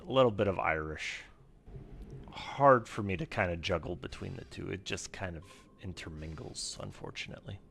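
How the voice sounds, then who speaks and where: A man streaming a game and chatting casually in quiet, mumbled asides to himself. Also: low-pitched, normal speed, creaky, a little hiss or hum. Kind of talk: casual gameplay chat.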